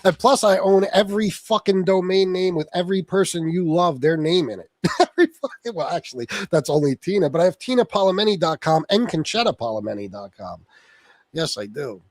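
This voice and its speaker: A man's voice: high voice, animated, fairly quick, no echo. A man hosting a livestream, delivering a profane, taunting rant aimed at someone he insults by name. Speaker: livestream host.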